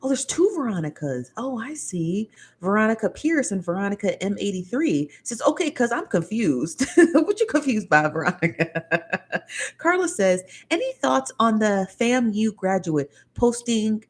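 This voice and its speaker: A woman hosts a relaxed livestream chat, sounding a little tired but chatty and quick to laugh. Her voice sits at a middle pitch and jumps around a lot as she greets viewers and reads their comments. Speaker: livestream host.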